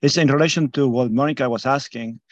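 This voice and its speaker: A man's voice: mid-range voice, fast, dry recording, soft background music. Hesitant man on dull call audio. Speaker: call participant. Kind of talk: question on a group call.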